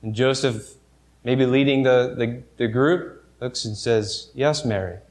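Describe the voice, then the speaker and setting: A man preaching a sermon, retelling a Bible story vividly with halting restarts and soft asides. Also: medium pitch, steady tone.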